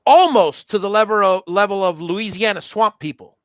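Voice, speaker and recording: A man's voice: high-pitched, moderate pace, no room sound, studio quality. A man hosting a casual livestream, chatting while he solders, with many restarts and fillers. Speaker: livestream host.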